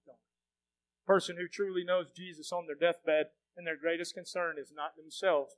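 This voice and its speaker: Male pastor, bright and forceful tone; preaches with big swings from quiet to shouting, questions the congregation. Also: sits high, poor audio. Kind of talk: sermon.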